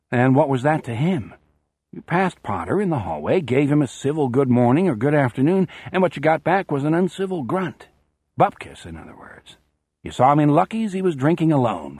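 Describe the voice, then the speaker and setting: A husky male narrator reading fiction aloud, measured yet lively in pitch. The sound is dry and close, with no room around it. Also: no room sound. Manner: measured storytelling, salty phrasing. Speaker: audiobook narrator. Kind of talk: scripted narration.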